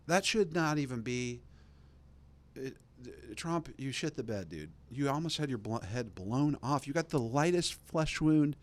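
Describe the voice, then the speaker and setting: A young man hosting a podcast, ranting casually and sarcastically, rambling with lots of fillers and mocking impressions. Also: a little high. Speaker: podcast host. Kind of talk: casual political rant.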